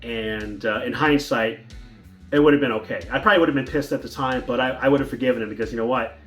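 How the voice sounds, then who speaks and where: A man's voice: mid-range voice, brisk, a bit bright, faint music behind. A man telling a personal story in a casual vlog, rambling with restarts and fillers. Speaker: vlogger.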